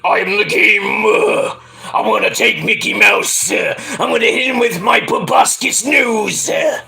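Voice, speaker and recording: A man's voice: high-pitched, unhurried, gravelly, sharp tone, voice pushed up, full character voice. A man doing an impression of a brash, boastful male wrestler who boasts between hesitant fillers. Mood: boasting.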